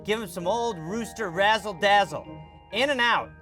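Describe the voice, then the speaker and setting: A man's voice: high-pitched, normal speed, over music, natural voice. A man reading as a brash scheming con man. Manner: brash, hammy stage reading.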